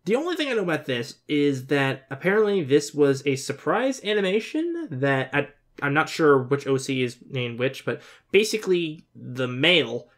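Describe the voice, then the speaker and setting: A man's voice: on the high side, sing-song, moderate pace, fairly bright tone. A man hosting a casual video reaction, chatty and openly emotional, who exclaims and swears often. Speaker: reaction channel host.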